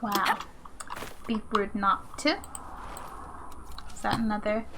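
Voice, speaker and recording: A woman's voice: medium pitch, slow, pushed and bright, a little hiss or hum. A woman streaming a video game, chatting casually and making playful, jokey asides to the characters on screen. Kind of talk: casual gameplay commentary.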